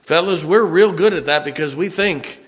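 A man's voice: on the high side, moderate pace, fairly bright tone, big-room sound. A middle-aged male pastor, preaching a sermon in a church with folksy, conversational stories. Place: church sanctuary.

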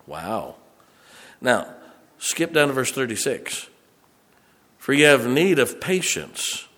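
A man preaching a sermon as pastor, rising to loud emphasis on scripture and dropping into folksy, chatty asides. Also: medium pitch, big pitch swings, slow pace, big-room sound. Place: church sanctuary.

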